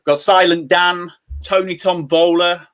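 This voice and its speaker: A man's voice: high-pitched, level tone, unhurried, fairly bright tone. A man with a Lancashire accent hosting a casual football watchalong, upbeat and chatty, laughing often. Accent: Lancashire English. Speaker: watchalong host.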